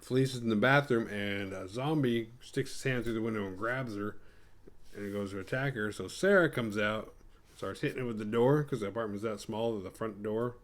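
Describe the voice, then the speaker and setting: A man recapping a horror film for his show, swearing casually and jumping into quick voices for the characters. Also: fairly low pitch. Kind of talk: casual comedic retelling.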